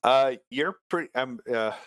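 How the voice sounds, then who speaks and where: A man's voice: mid-range voice, measured pace, a bit bright. A man narrating a tabletop game as game master, hesitant and full of filler sounds.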